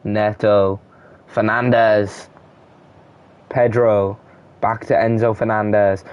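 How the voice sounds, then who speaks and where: A man's voice: fairly low pitch, level tone, takes it slowly, long pauses, highs cut off. A young man giving casual play-by-play commentary on a football video game, reading off player names in short bursts. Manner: calls player names in short bursts, shouts at goals and chances.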